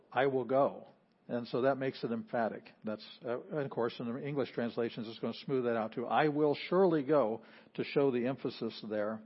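A pastor preaching a sermon, explaining patiently and repeating phrases for emphasis. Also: male voice, mid-range voice. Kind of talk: sermon teaching. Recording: slightly dull lo-fi audio.

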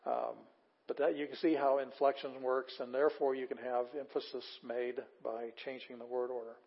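An older man teaching a class in a patient, explaining way, often pausing with fillers and restarting sentences. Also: mid-range voice, flat delivery, creaky. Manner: plain, patient explaining with fillers and restarts, reading words slowly aloud. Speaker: Bible Greek teacher. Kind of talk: classroom lecture. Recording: dull, lo-fi lecture recording.

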